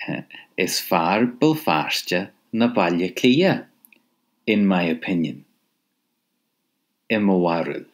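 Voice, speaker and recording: In this recorded language lesson, a low-pitched, expressive man repeats phrases with patience and leaves pauses for the learner's replies, chuckling lightly from time to time.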